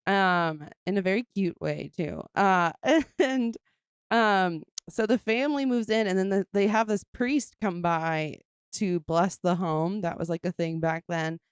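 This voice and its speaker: A woman hosting a comedy podcast talks in a loose, giggly way and keeps breaking into laughter. Her voice is smooth and clear. The sound is dry and close, with no room around it. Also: lowish voice, measured pace, dry recording. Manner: giggly, jokey, recaps the plot with many fillers. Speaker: podcast host. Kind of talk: casual chat.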